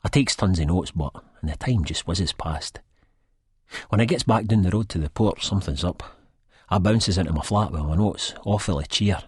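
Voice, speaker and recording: A Scottish man with an Edinburgh accent narrates an audiobook in rambling, slangy first person. His voice sits very low and sounds husky. The recording is dry and close, with no room around it. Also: normal speed, a little mellow, dry recording. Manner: rambling, slangy storyteller with a wistful edge.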